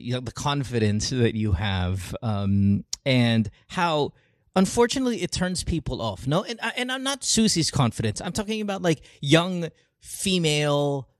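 A man's voice: mid-range voice, no echo, clean studio sound. A young man hosting a podcast in casual chat, joking and laughing often. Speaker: podcast host.

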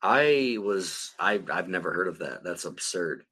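A man's voice: deep voice, lively intonation, measured pace, pushed and bright, slightly rough. A middle-aged man co-hosting a podcast, ranting in a blunt, heated and profane way. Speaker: podcast co-host. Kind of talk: casual profane rant.

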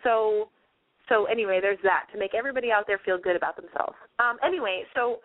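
A woman's voice: mid-range voice, no echo. A woman hosting a call-in advice show, blunt and swearing freely as she questions a caller. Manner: blunt, swears, talks fast. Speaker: radio advice show host. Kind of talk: casual call-in chat. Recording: tinny phone-like sound.

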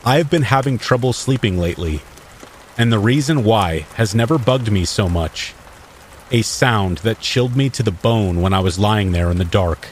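A man with a lowish voice reads spooky first-person stories in a calm, measured way. Light rain patters steadily under his narration. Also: a little hiss or hum. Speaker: podcast storyteller. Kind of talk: scripted horror story narration.

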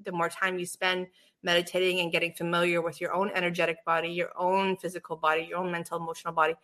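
A woman with a bright, clear voice talks in a relaxed, chatty way. She tells stories with animated swings between loud and soft. She sounds like a co-host easing into a conversation about meditation. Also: lowish voice, fast. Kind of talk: casual spiritual chat.

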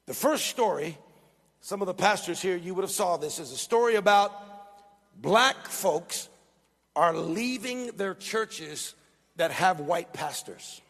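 A man's voice: sits high, lively intonation, unhurried, a bit bright. A male pastor preaching an emphatic, repetitive sermon in a church. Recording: long church-hall reverb.

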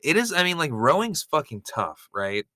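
A man co-hosting a podcast, recapping a TV show in casual chat, animated and joking, swearing freely. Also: a little high, normal speed, dry recording. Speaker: podcast co-host.

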